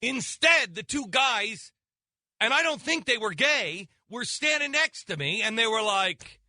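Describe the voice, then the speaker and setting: Radio talk host, man in his forties, sarcastic comic storytelling, very bright tone, bone-dry studio sound. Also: very high-pitched, sing-song, a little slow, no echo. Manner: sarcastic and rambling, with many restarts. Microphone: close studio mic.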